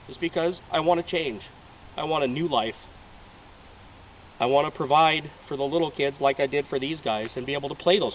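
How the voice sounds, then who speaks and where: A man's voice: on the high side, a little hiss or hum. A man in his late thirties making a heartfelt personal appeal to be picked, with emotional, sincere delivery. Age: 30s. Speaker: reality show applicant. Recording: distant, dull home video audio.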